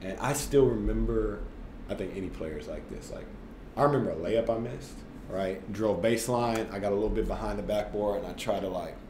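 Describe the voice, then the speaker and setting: A man in his thirties, a former basketball player guesting on a podcast, tells stories conversationally in an animated, laughing way, loaded with fillers like "like" and "right?". His voice is lowish and a little fast, with background noise and a roomy echo.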